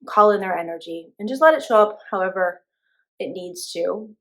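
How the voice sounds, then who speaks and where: A young woman teaching a spiritual class in a relaxed, chatty way, with many fillers and restarts. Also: medium pitch, moderate pace. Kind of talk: casual spoken class.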